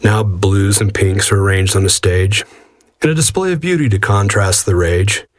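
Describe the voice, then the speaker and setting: A man reciting a rhyming prairie poem in a measured, rhythmic way. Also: fairly low pitch, dry recording. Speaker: cowboy poet.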